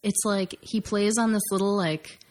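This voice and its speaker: A woman's voice: medium pitch, fairly even intonation, normal speed, a little mellow. A young woman in casual conversation, chatty and upbeat, filling her talk with "like". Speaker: conversation partner. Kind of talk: casual chat.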